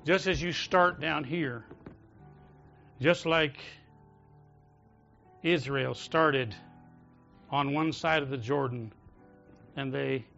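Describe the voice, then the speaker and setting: A pastor preaching a sermon in a church, rising to loud calls and dropping to soft, prayerful tones. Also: male voice, on the high side, slow pace, vocal fry, long pauses, dull audio, faint music behind. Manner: swings from loud exhortation to soft intimate prayer. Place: church sanctuary.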